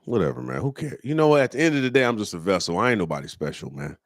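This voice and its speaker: A man hosts his own comedy show and roasts his viewers' comments in loose slang. His pitch swings widely, and he cracks himself up. The sound is close and dry, with no room echo. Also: big pitch swings, rapid-fire. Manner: loose, slangy, breaks into laughter. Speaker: comedian host.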